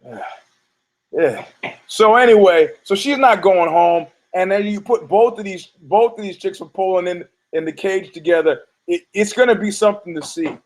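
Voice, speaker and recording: A man's voice: fairly high pitch, low-quality recording. A man hosting a casual sports podcast who rambles, stammers over his words, repeats himself and swears freely. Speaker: podcast host.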